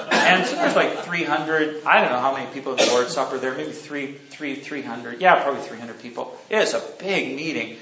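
Over a noisy crowd, a man preaches a sermon full of anecdotes, rambling and correcting himself as he tells stories and asks the congregation questions. His medium-pitched voice is brisk, with lively intonation and few pauses. The recording is roomy, dull and lo-fi.

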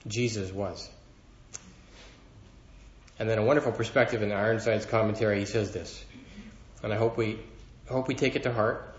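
A man's voice: lowish voice, steady tone, normal speed, pauses often, roomy sound, lo-fi sound. A man preaching a sermon to a congregation, earnest and building emphasis as he quotes scripture. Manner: earnest, rising in emphasis when quoting scripture.

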